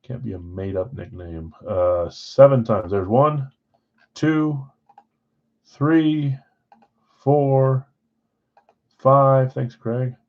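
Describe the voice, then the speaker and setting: Casual card-break host, lo-fi audio. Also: male voice, medium pitch, drawn-out words, pauses often. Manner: rattles off names and assignments casually. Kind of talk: live-stream card break chat.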